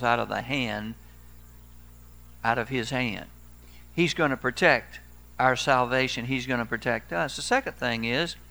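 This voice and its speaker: A man's voice: mid-range voice, bright, forceful tone, clean tone. A man in his sixties, a pastor preaching a sermon in a folksy storytelling way with dry humor.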